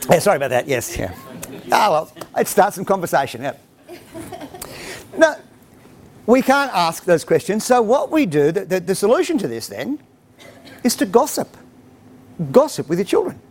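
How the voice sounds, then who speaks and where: A man's voice: sits high, normal speed, pauses often. A middle-aged man giving a humorous talk to parents, acting out bits of dialogue. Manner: animated storytelling, acts out dialogue. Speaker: speaker on parenting.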